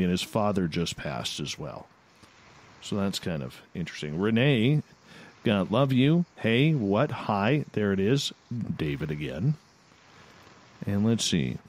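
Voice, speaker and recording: A male radio host chatting casually and reading out listeners' results in a halting, unhurried way. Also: on the low side, a little mellow. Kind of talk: casual talk-radio chat.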